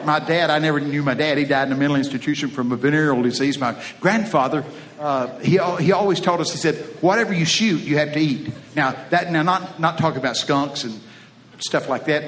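A man's voice: on the high side, a bit bright, a little hiss or hum. A middle-aged man with a Texas accent, preaching in a folksy, joking way full of homespun stories. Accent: Texan. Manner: folksy, joking, drawling Southern phrasing. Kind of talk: folksy sermon with storytelling.

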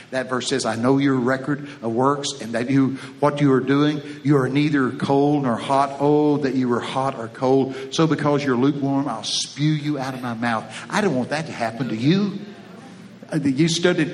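A middle-aged man from Texas, mid-range in voice, gives a storytelling sermon in a folksy, joking manner with drawling Southern phrasing and homespun tales. There's a little hiss or hum in the background.

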